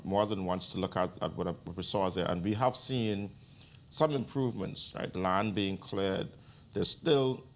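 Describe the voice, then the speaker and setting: A man, speaking as a guest commentator in an interview, measured and deliberate with frequent restarts. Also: on the low side. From Bahamas. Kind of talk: interview answer.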